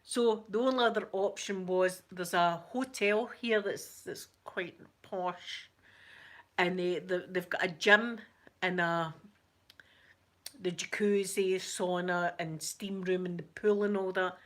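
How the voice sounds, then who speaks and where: A Scottish woman telling a story in casual chat, chatty and animated. She breaks into laughter often and drops into soft asides. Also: on the low side, takes it slowly. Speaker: ASMR channel host.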